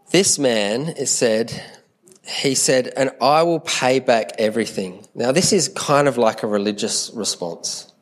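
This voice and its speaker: A man preaching a sermon in an earnest, conversational way, often repeating words as he thinks aloud. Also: fairly low pitch.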